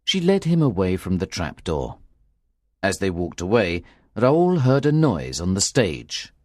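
A man narrating a graded reader story in a slow, clear and expressive way. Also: low-pitched, no echo, clean studio sound. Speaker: audiobook narrator.

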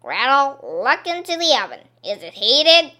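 A woman voicing a wicked, greedy old witch in a storybook reading, drawing her words out slowly. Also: on the high side, big pitch swings, pushed and bright, exaggerated voice. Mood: menacing.

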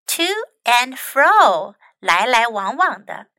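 A woman English teacher reading a children's story aloud and then teaching words from it, slowly and carefully. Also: on the high side, expressive, sharp tone, dry recording.

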